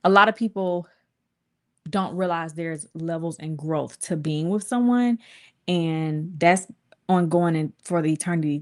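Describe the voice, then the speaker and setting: A woman in her thirties telling a personal story to her viewers in casual, colloquial talk, with her pitch jumping up when she acts out quotes. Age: 30s. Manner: lively, colloquial, swings into high acted voices for quotes.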